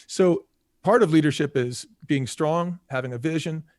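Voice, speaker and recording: A podcast guest from the United States who used to be a restaurant executive talks casually in a conversational interview, acting out quotes and saying "you know" often. His voice is a little high, at normal speed, with no room sound.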